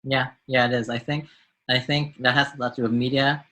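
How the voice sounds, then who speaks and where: A man's voice: mid-range voice, level tone, fairly quick, pushed and bright, poor audio. An American man, a doctor being interviewed on a podcast, speaking in a reflective way and often repeating words as he restarts. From United States. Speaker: guest, doctor and mentor.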